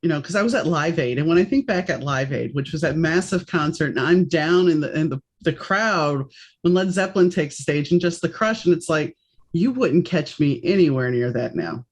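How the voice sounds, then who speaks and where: A middle-aged woman from New Orleans with a faint, mixed American accent, hosting a casual podcast interview in a chatty, animated way. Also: low voice, brisk, slightly rough. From New Orleans, United States. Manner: chatty, animated, jumps between stories. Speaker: podcast host.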